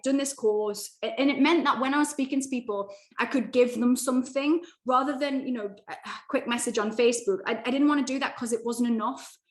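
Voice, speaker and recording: An animated woman with a somewhat high voice, speaking as an interview guest in quick, excited bursts. Her sentences often restart as the ideas pour out. The sound carries a roomy echo. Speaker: guest, mindset coach. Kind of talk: casual interview chat. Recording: echoey room.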